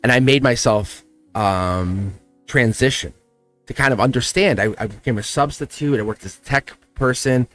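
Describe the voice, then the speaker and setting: A man's voice: mid-range voice, normal speed, a bit bright, faint music behind. A man hosting a tarot reading livestream, talking in a chatty, encouraging way and laughing often. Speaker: tarot reader and livestream host. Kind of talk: casual livestream chat.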